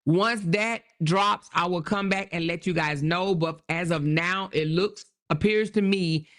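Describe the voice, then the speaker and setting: A woman's voice: fairly low pitch, a little slow, a bit bright. Woman, host, casual commentary, conversational, repeats points, checks in with viewers. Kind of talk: casual commentary on a news story.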